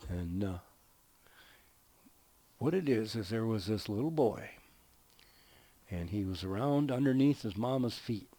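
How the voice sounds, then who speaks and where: A man hosting a gameplay video, chatting casually in a slow, folksy, drawling way and telling a joke as he builds. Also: on the low side, animated, warm tone, no echo. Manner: slow, folksy, drawling storyteller who chuckles at his own jokes. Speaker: gaming video host. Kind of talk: relaxed gameplay commentary with a told joke.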